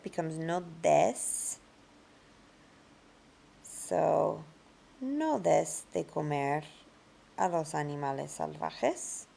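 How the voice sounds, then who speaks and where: A woman with a low, deeply gravelly voice teaches a grammar lesson. She speaks unhurriedly and patiently, working step by step through each rule. She pronounces the example words slowly and carefully. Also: darkish tone. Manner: patient, explains step by step with examples in both languages. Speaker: Spanish teacher.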